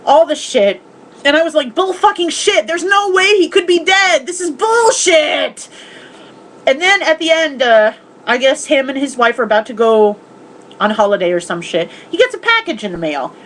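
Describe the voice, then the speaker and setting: A woman's voice: fairly high pitch, a bit bright, slight background noise, poor audio. A woman chatting casually in a home vlog, recapping movies, swearing freely and acting out the characters' lines. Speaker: vlogger.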